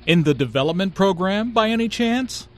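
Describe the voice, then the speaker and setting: A man's voice: high-pitched, animated, moderate pace. A man playing a courteous man in a lesson dialogue. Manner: clear, courteous, conversational delivery. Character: courteous adult man in a scripted textbook dialogue. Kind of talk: scripted dialogue for English learners.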